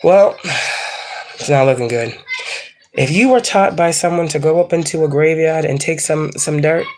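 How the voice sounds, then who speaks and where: A woman's voice: sits low, moderate pace, darkish tone, a little hiss or hum. A woman giving a casual tarot reading and ranting at viewers in a blunt, heavily profane, scolding way. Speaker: psychic tarot reader. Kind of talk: casual spiritual reading rant.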